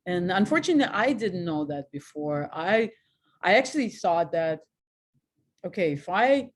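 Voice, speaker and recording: This is a woman in her forties with a Russian accent, opening up about her own life as a guest. Her voice sits somewhat low, and she talks frankly and with animation. She laughs at herself and often stops to restart her sentences. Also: sing-song, moderate pace. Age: 40s. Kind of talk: candid personal storytelling.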